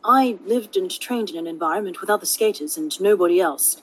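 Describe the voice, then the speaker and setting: A woman voicing a guarded, sharp-tongued male vampire elf, speaking in a clipped, stern way. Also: fairly low pitch, brisk, breathy edge, rough recording. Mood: flat.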